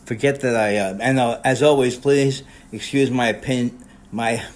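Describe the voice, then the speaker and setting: An older man delivers a rambling comic roast, speaking at an ordinary middle pitch. He keeps cutting himself off mid-sentence and restarting. Sarcastic self-deprecating asides run through his delivery. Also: fairly even intonation, moderate pace. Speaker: comedian recording a personalized video message.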